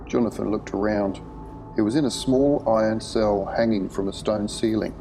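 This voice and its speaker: A man narrating a horror short story in a measured, vivid storytelling manner. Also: lowish voice, steady tone, warm tone, slight background noise, rough recording.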